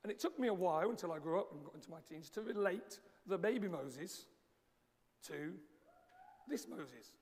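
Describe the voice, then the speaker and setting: A male preacher with a slightly croaky, fairly high voice delivers a sermon in an easygoing, conversational way. His words ring out into a long hall reverb, and he pauses often as he talks. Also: expressive, darkish tone. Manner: measured, conversational preaching with frequent pauses and fillers. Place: church sanctuary, live-streamed service.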